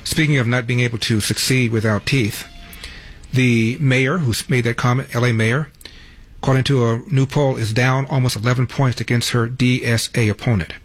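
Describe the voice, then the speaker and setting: Male talk radio host, mid-pitched, brash and wisecracking, faint music bed. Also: steady tone, moderate pace. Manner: brash, wisecracking, self-mocking titles.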